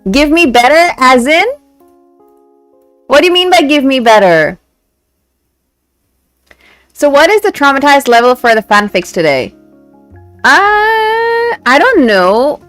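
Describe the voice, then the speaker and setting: A woman's voice: sits high, rapid-fire, long pauses, dry recording, soft background music. Giggly Indian woman streamer. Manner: giggly, animated, switching between English and Hindi. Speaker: VTuber streamer. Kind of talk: casual live-stream chat reading memes and chat. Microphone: desk mic set back from her.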